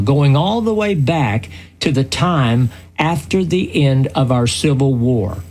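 A man's voice: medium pitch, darkish tone, slight background noise. An older man hosting a radio commentary, telling stories in an earnest, folksy way. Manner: slow, earnest, folksy storytelling.

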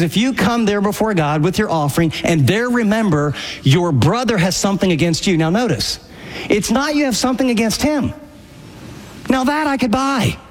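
Guy preaching a sermon, lively, acts out voices, high pitched, a little hall echo. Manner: animated, acts out inner voices. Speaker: pastor. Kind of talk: radio sermon.

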